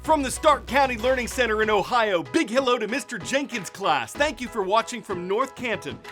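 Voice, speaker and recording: A man hosting a news show, reading scripted narration in a crisp, measured delivery. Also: very high voice, lively intonation, a bit bright, soft background music.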